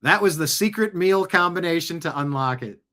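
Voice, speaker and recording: Bright-voiced man hosting a commentary show. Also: on the high side, expressive, moderate pace. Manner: reads posts aloud with chuckles and asides. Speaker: host. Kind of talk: casual news commentary show.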